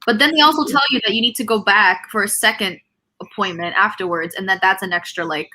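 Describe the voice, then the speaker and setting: A woman's voice: medium pitch, fast talker, bright, forceful tone. A woman hosting a casual live video-call chat, talking in rambling restarts and laughing often. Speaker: host; teacher.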